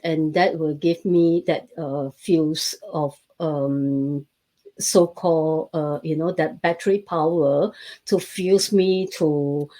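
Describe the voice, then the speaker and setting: A woman hosting a casual talk show, speaking slowly and hesitantly with many pauses and fillers. Her voice sits on the low side for a woman. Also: mellow. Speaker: host. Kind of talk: casual interview chat.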